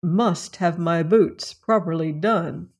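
A reader doing a breezy, wry young gentleman. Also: mid-range voice. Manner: frivolous, dry and quick-witted. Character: breezy, good-tempered young gentleman renter. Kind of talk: audiobook character reading.

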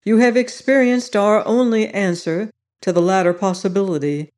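A narrator voicing an old male sociologist, benign and softly insistent, in an audiobook reading. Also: medium pitch, fairly even intonation, normal speed, natural voice. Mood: grave. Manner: soft and insistent.

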